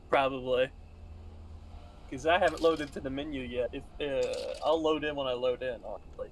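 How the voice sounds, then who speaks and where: A man's voice: medium pitch, moderate pace, a little hiss or hum. A man hosting a casual gaming stream, rambling and laughing often with friends. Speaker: streamer host.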